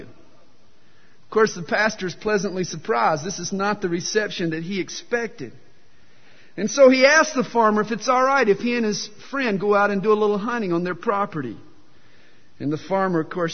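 High-voiced folksy preacher in an echoey hall. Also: male voice, normal speed, highs cut off. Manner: folksy storyteller, self-deprecating humor. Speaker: pastor. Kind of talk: sermon with jokes.

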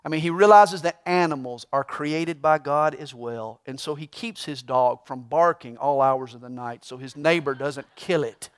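Pastor, male, high voice, reads verses then explains them with folksy humor. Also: normal speed, few pauses. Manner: preaching with humor, tells a joke with rising excitement. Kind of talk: sermon.

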